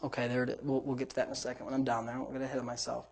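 Middle-aged guy preaching, pretty high voice for a man, goes from soft asides to loud bursts. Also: monotone, racing, gravelly, husky. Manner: emphatic, swings between quiet asides and loud exclamations. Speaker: pastor. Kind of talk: sermon.

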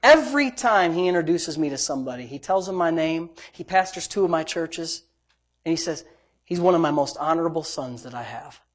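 Brisk and lively in intonation, a middle-aged man with a high voice delivers a sermon as a pastor. He alternates quiet asides with emphatic, loud exclamations.

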